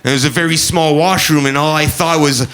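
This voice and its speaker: A man doing stand-up comedy on a club stage, with a halting, nervous delivery full of fillers. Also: a little high, steady tone, a bit bright.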